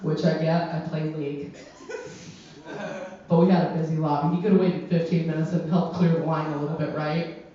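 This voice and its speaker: A woman doing a stand-up comedy set in a club, brash and profane, with dark self-deprecating humor. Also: sits low, little pitch movement, a little fast. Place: comedy club with a live audience. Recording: roomy, distant, dull club recording with crowd.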